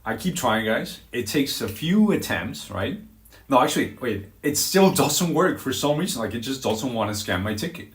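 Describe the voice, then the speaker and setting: A man streaming live, telling a story in a dramatic, animated way with crude language. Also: medium pitch, moderate pace, roomy sound. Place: outdoors on a walk.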